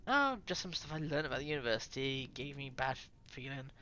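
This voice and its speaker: Wary young woman, casual and lively, read by a reader. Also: rumbling low, fairly quick, pitched below the performer's own voice.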